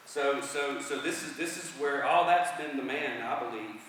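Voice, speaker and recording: A man preaching a sermon, earnest, repeating phrases and slowing down for emphasis. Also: mid-range voice, fairly bright tone, slight background noise. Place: church hall. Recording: echoey hall from far off.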